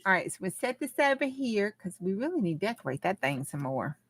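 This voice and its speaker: A woman's voice: mid-range voice, sing-song, a little fast, breathy edge. A middle-aged woman with a Southern American accent, hosting a casual crafting livestream and thinking aloud as she arranges journal pages. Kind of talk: casual live-stream chat while crafting.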